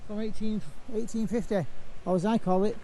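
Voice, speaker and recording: A man with a high-pitched voice chats and cracks jokes at his own expense. He films himself on an action camera while exploring outdoors. Loud rushing water runs behind him the whole time. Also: steady tone, a little hiss or hum, rough recording. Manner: jokey, self-mocking, repeats phrases. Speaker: vlogger. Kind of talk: casual chat. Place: outdoors by a river weir and inside a mill museum.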